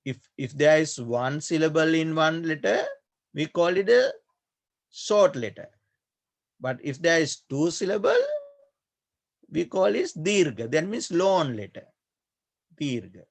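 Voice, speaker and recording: A male Buddhist monk teaching a class on Pali grammar, speaking slowly, repeating key words and pausing often with fillers. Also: fairly high pitch, expressive, gravelly. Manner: slow, repetitive, hesitant with many fillers. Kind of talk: online class lecture.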